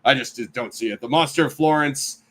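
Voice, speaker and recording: A man's voice: medium pitch, moderate pace, pushed and bright. American male panelist, chatty and rambling, mid-range voice, casual discussion. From United States. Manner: rambling, heavy on "you know" and "I mean". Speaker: panel guest.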